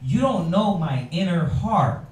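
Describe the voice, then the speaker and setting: A man's voice: high voice, animated, darkish tone. Man preaching playfully in an echoey room. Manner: drawn-out, playful, acts out quotes. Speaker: class speaker. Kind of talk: Bible class preaching. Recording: echoey room, mic far off.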